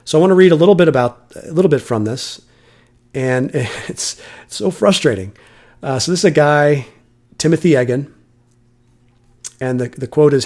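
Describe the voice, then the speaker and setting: A man's voice: on the high side, moderate pace, long pauses, darkish tone. Argumentative man hosting a podcast. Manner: argumentative, rhetorical questions, frequent restarts. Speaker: podcast host. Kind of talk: solo commentary podcast.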